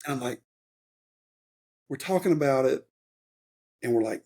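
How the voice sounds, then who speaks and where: A man's voice: medium pitch, animated, a little slow, dark tone. A man in his fifties, a retired Army warrant officer, telling his story as a podcast guest in a rambling, earnest way, with lots of fillers and restarts. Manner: rambling, loose speech full of fillers and restarts; earnest and openly emotional. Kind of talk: conversational interview storytelling.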